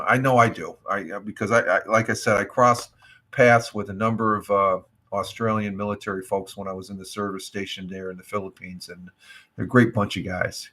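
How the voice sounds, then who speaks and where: This middle-aged livestream host from the United States has a deep, creaky, slightly bright voice. During his casual morning stream he reacts to news, rambling and frequently restarting with plenty of fillers.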